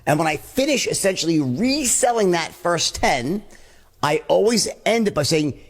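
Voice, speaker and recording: A man's voice: sits high, lively intonation, normal speed. A man teaching a sales lesson, switching in and out of both sides of a sales call as he explains it. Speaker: sales trainer.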